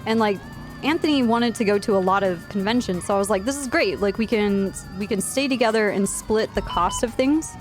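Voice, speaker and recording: While live streaming a game, a young woman chats casually and tells a long story in a blunt, profane way, padding it with fillers. She speaks fairly quickly at an ordinary middle pitch, and faint music plays in the background.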